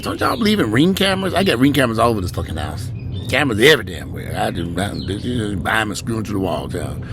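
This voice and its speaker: A man ranting bluntly and profanely to his viewers from home, with sudden loud rises in a voice. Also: medium pitch, background noise. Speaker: vlogger.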